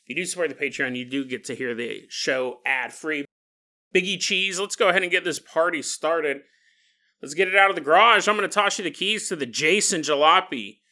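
A man hosting a podcast, telling a joking story with frequent laughs in a playful, animated way. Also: on the high side, fairly quick. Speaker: podcast host. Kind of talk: comedic storytelling monologue.

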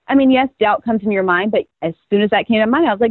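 A woman's voice: mid-range voice, fast talker, dry recording. A young woman from North Carolina, a guest in a casual interview, telling her story with animation and acting out what people said. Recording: tinny phone-like sound, very dry.

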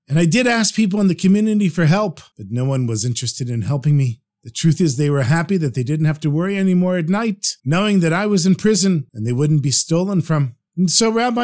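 A man's voice: a little high, a little mellow, natural voice. A man voicing a middle-aged Jewish thief who pleads for help to change his ways, in a heartfelt, confessional manner.

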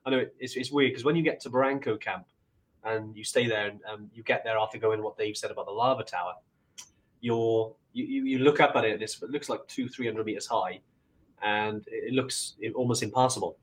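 A man's voice: fairly low pitch, a little fast. A man who guides trekking trips, chatting casually and rambling with many restarts about a mountain climb. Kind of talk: casual chat.

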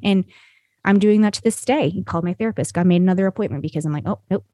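A woman with a lowish voice tells personal stories as a podcast guest. She talks in an earnest, meandering way, full of "you know" and "like". The sound is close and dry. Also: very fast, dark tone, no echo. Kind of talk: conversational storytelling.

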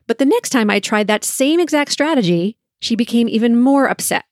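A woman's voice: a little high, a little fast, no room sound, studio quality. A woman in her forties hosting a solo podcast, telling parenting stories and acting out the lines she said. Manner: storytelling, lively when acting out quotes.

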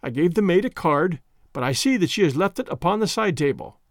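A man's voice: high-pitched, lively intonation, fairly quick, dry recording, clean studio sound. A man reading the part of a pale young engineer who is polite, weary and nervous. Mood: shaken.

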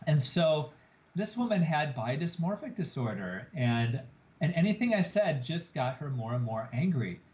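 A man who is a plastic surgeon, telling an animated story as a guest on a podcast interview. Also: a little high, moderate pace. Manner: animated storyteller, acts out quoted lines. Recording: roomy, slightly dull podcast audio.

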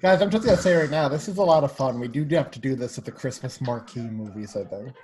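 Man, podcast co-host, casual commentary, enthusiastic, quick bursts. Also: mid-range voice, darkish tone. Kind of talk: casual movie commentary chat.

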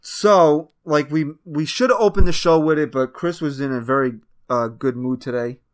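A man's voice: fairly high pitch, fairly even intonation, moderate pace. A man co-hosting a casual sports podcast, teasing and laid-back. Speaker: podcast co-host. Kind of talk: casual sports talk banter.

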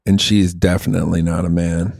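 Deadpan man riffing jokes in a dry close-mic. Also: low voice, fast, creaky, no room sound. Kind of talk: casual comedic chat.

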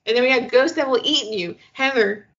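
A woman's voice: high-pitched, a little fast, a bit bright, breathy edge. A woman co-hosting a podcast in casual chat, playful and laughing often as she reacts to listener stories. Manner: playful, laughs often, repeats pleas for more. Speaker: podcast co-host. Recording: dull lo-fi sound.

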